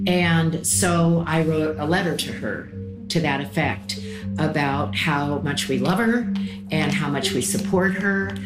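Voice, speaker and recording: A woman's voice: low voice, unhurried. Older woman in a roomy recording. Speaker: interviewee, mother. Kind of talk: casual recounting. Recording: roomy recording with music underneath.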